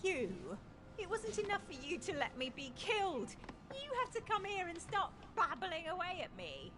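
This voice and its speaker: A woman's voice: extremely high pitch, very animated, moderate pace. An actress voicing a desperate, vengeful young woman's ghost in a video game, pleading and spiteful by turns. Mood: bitter.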